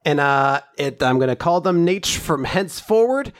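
Casting: male podcast co-host, animated and sarcastic, dry close sound, slightly high voice. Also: no room sound. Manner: joking, sarcastic, acts out characters in quick voices. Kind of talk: casual chat recapping manga chapters.

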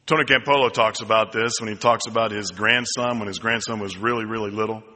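A man's voice: fairly low pitch, steady tone, fast, bright, forceful tone. A middle-aged male pastor preaching a sermon, telling stories with self-deprecating humor. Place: church sanctuary. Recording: long reverb in a church hall.

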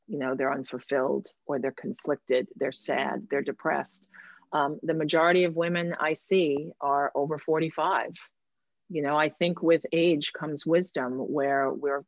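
A woman's voice: low-pitched, no room sound, highs cut off. A woman who coaches women, speaking earnestly and reflectively in a conversation, often repeating words as she talks.

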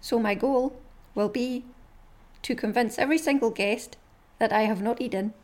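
A Scottish woman voicing an earnest, affectionate pet dog in a slow, deadpan read with long pauses. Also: fairly high pitch, natural voice. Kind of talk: reading funny dog posts aloud.

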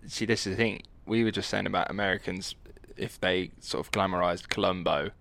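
Low rough-voiced guy chiming in, blunt, super dry recording. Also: steady tone, a little fast, fairly bright tone, no room sound. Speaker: podcast co-host. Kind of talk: casual podcast chat.

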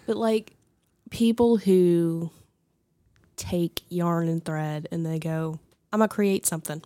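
A woman's voice: on the low side, slow, dark tone, dry recording, clean studio sound. A young adult woman co-hosting a podcast in casual chat, laughing often and restarting sentences as she talks. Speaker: podcast co-host.

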